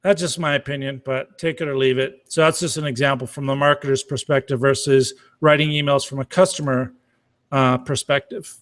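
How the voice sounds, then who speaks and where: A man's voice: mid-range voice, fairly even intonation, a little fast, fairly bright tone. A middle-aged man giving a blunt, casual Q&A talk as a marketing coach, swearing freely. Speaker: marketing coach answering questions.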